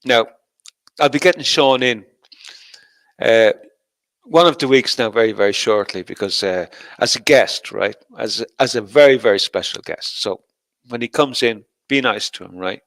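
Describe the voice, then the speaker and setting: A man's voice: medium pitch, normal speed, fairly bright tone, no echo. A middle-aged man hosts a loose, casual livestream and talks straight to the people in his chat. He swears freely and laughs often as he rambles. His voice sits in an ordinary middle register and sounds dry and close to the mic. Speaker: livestream host.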